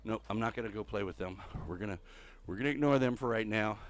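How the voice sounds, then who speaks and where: A man's voice: fairly low pitch, fast. An older man hosting a casual game livestream while walking on a treadmill, out of breath, rambling and thinking aloud to his viewers. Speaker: Minecraft livestream host. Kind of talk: casual gameplay livestream chat.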